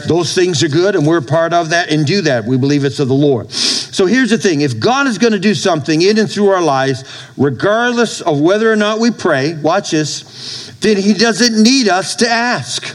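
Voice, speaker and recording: Male pastor preaching; slightly raised pitch, emphatic delivery with repeated lines and amen calls. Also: lively intonation, normal speed, rough recording. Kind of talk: sermon.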